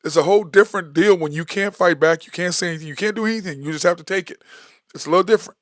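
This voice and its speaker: A man's voice: high-pitched, rapid-fire, dry recording, clean studio sound. A middle-aged man, hosting a casual sports talk show, telling stories emphatically and repeating his points. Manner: storytelling, emphatic, repeats phrases.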